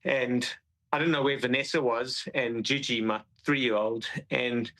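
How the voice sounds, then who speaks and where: A man recounting his experience in an interview, halting and repeating himself as he speaks. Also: medium pitch, fairly even intonation, a bit bright, rough recording. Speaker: witness describing an attack. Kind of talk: interview account.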